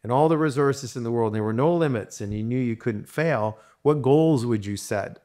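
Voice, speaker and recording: A man being interviewed, telling long stories in a rambling, animated way with many restarts. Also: mid-range voice, moderate pace. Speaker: guest. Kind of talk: casual interview storytelling.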